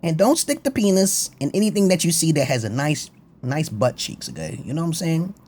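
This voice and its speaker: A man's voice: a little high, sing-song, fairly quick, darkish tone. A man talking to camera in a rambling, crude, boastful monologue, laughing often. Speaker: vlogger.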